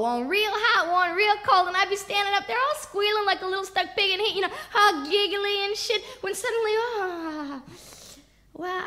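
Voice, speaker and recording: A woman's voice: very high-pitched, sharp tone. A woman giving a spoken word performance, telling a story in a raw, profane, rhythmic way. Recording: long reverb.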